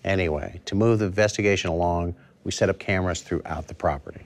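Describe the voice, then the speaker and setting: A man's voice: low voice, quick pace. A man playing a comic ghost hunter, speaking in an earnest, plodding, mock-serious way. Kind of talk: improvised comedy sketch.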